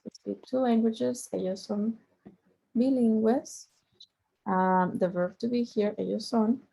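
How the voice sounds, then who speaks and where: A middle-aged woman teaching Spanish in a slow, unhurried way. Her voice has a gravelly fry, and she stretches out each example word and goes over every point twice. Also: fairly high pitch, steady tone, dark tone. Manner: explains slowly, drawing out Spanish example words; patient, repeats each point. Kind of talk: language lesson.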